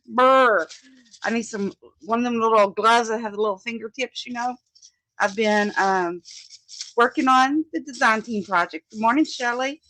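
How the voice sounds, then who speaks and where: A woman's voice: on the high side, a bit bright, dry recording. A woman hosting a casual crafting live stream from her home desk, chatting as she works, greeting viewers by name and thinking aloud. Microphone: phone.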